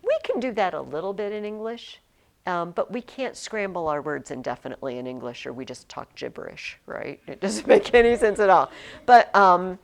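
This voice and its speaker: A woman's voice: lowish voice, very animated, normal speed, gravelly. A woman teaching a Latin class to students, chatty and emphatic, with frequent fillers and restarts. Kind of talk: classroom lesson.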